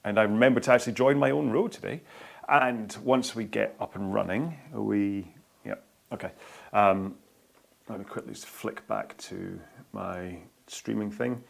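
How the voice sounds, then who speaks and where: A man's voice: on the low side, a little slow, vocal fry. A man hosting a live rowing workout stream, talking in a chatty, rambling way with lots of fillers and restarts.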